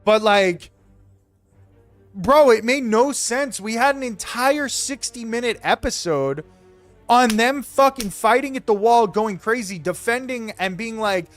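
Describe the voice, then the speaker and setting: A man streaming live, talking in a rambling, excitable, profane rant to his chat. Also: sits high. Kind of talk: casual chat while live streaming a game.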